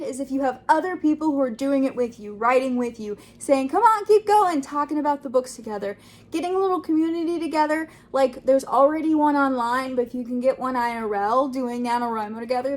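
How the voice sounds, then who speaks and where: Young woman, high and bubbly, chatty writing vlogger. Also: a little mellow. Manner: bubbly, acts out quoted voices. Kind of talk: casual talk to camera.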